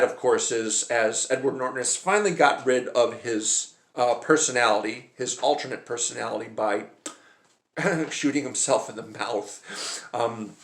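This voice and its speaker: A man's voice: mid-range voice, fairly bright tone. A man chatting casually to camera about movies, rambling and hesitant with lots of filler sounds. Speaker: movie vlogger. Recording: roomy echoey room.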